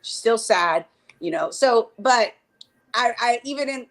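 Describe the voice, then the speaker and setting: A woman's voice: fairly high pitch, animated, a little slow, creaky. A woman chatting casually on a live stream call, rambling with many restarts and acting out quotes. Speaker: mother discussing cardology. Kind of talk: casual chat. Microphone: remote call.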